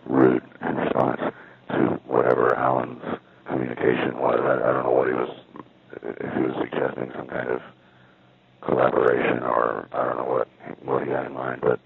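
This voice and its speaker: Man in his fifties, very deep gravelly voice, flat delivery, rambling wryly over a tinny phone line. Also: normal speed, a little hiss or hum. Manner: meandering, hesitant, wry. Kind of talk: rambling monologue from a payphone. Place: at an outdoor payphone. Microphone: phone handset.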